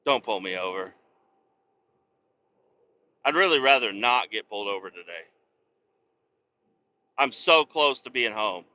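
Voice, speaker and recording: Profane rambling man, bright tense voice. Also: fairly low pitch, expressive, unhurried, pauses often. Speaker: podcast host. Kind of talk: casual rant while driving. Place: inside a moving truck on the highway. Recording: dull lo-fi sound.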